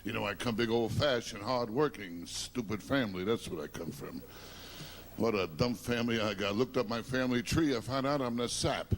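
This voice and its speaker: Man from New firing one-liners. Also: medium pitch. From Long Island, New York. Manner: rapid-fire self-deprecating one-liners, complaining. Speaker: stand-up comedian. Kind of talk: stand-up routine. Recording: noisy live recording.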